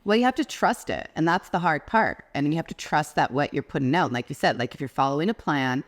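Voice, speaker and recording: A woman's voice: low voice, animated, fairly quick. Reflective woman co-hosting a podcast. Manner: reflective, explains ideas step by step. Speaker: podcast co-host. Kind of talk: casual podcast chat.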